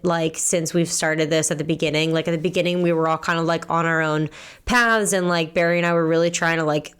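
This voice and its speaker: Smooth-voiced woman in casual chat. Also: deep voice. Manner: relaxed, lots of "like" fillers, casual swearing. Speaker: podcast co-host.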